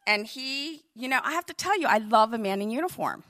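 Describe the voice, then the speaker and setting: A woman in her fifties telling a comic personal story with animated, vivid asides. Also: fairly high pitch, fairly quick.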